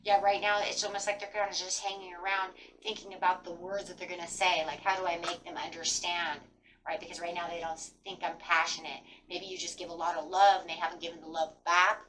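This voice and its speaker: A woman's voice: lowish voice, flat delivery, brisk, fairly bright tone, far from the mic, slight background noise, poor audio. A woman giving a casual tarot reading, rambling and full of fillers like "kind of" and "like". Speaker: tarot reader.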